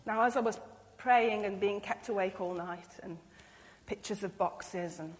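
A woman preaching an earnest, emotional sermon and acting out the speech she imagines from others. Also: mid-range voice. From England. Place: church. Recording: long church reverb.

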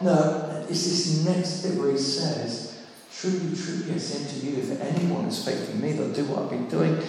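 A man in his sixties preaching a sermon, telling a story with lively, self-deprecating humour. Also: a little high, normal speed. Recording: echoey hall, mic at a distance.

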